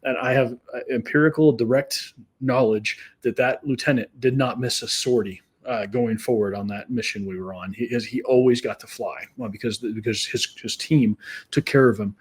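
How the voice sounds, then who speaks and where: A middle-aged man with a husky, breathy edge to his voice, hosting a podcast. He tells stories in a relaxed way, acting out bits of dialogue and stumbling over repeated words as he restarts. His pitch sits in the ordinary middle range for a man. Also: normal speed. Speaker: podcast host. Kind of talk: conversational storytelling.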